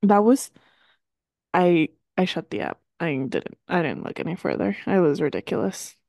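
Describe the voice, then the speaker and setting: A woman's voice: fairly low pitch, sing-song, moderate pace, gravelly, a little mellow, dry recording, clean studio sound. A woman co-hosting a podcast in casual chat, talking with lots of "like" and laughing often. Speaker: podcast co-host.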